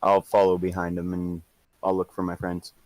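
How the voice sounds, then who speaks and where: Deep quiet-voiced male player. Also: monotone, normal speed. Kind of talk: tabletop role-play.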